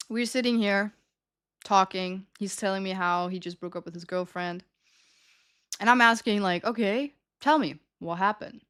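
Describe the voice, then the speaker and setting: A woman's voice: medium pitch, fairly bright tone, clean tone. A young adult woman streams and tells her chat a story in a loose, casual way. She giggles often and keeps up a chatty, confiding flow.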